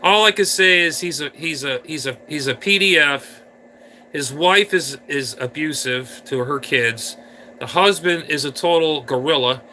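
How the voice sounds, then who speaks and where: A man's voice: fairly high pitch, a little slow, sharp tone, a little hiss or hum. A man hosting a casual livestream, rambling and ranting crudely at viewers in chat. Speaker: livestream host.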